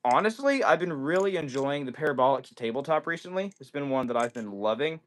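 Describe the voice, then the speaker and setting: A man's voice: a little high, animated, quick pace. A man hosting a casual live stream, reading viewers' comments aloud and answering them in an upbeat way. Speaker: livestream host.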